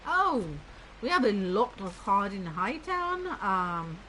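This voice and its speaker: A woman's voice: medium pitch, big pitch swings, takes it slowly, pushed and bright, a little hiss or hum, low-quality recording. A woman hosting a let's play, chatting enthusiastically and reading in-game text aloud as she plays. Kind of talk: gameplay commentary.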